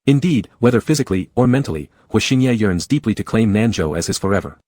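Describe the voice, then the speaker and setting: Male narrator reading a romance story, low husky voice, dry close sound. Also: animated, fast, warm tone, no room sound.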